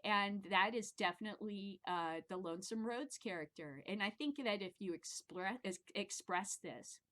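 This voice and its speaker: Middle-aged midwest woman ranting on her show, rambly, animated, swears a lot. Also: medium pitch, normal speed. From American Midwest. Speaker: podcast host. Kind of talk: casual monologue commentary.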